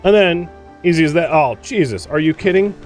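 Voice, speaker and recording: A man's voice: fairly high pitch, expressive, brisk, faint music behind. A man hosting a let's play, chatting casually through gameplay, exclaiming and grumbling at the game.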